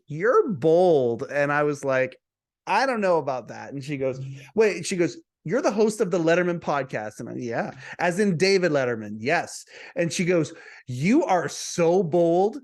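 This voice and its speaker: Podcast host guy telling a story to camera, kinda high voice, lots of restarts. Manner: chatty, repeats words and restarts often.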